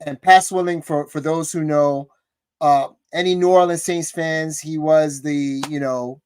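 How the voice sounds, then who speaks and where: A man co-hosting a casual sports talk livestream, giving deliberate, analytical takes. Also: fairly high pitch, steady tone, a little hiss or hum. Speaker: podcast co-host.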